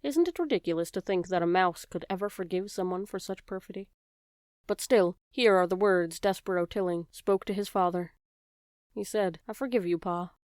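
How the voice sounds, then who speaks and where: A woman's voice: mid-range voice, moderate pace, darkish tone, clear, resonant tone, dry recording, studio quality. A woman narrating a children's audiobook, telling the story and speaking directly to the reader.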